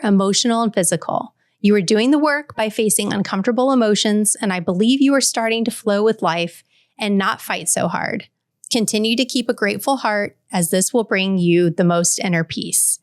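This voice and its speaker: A woman's voice: medium pitch, no room sound. Earnest woman in her forties, dry sound. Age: 40s. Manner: earnest and heartfelt, speaking directly to the listener. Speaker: podcast host. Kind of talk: reading a personal letter aloud, then reflective solo talk.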